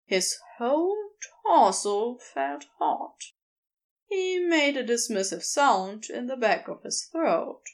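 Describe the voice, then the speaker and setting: A woman narrating a story in an audio drama with expressive storytelling. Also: on the high side, slow. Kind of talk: scripted narration.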